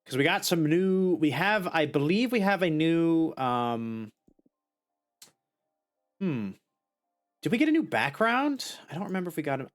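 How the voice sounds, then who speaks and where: A streamer giving casual let's-play commentary, chatty and thinking out loud with many restarts. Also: mid-range voice, big pitch swings, a little slow, soft background music.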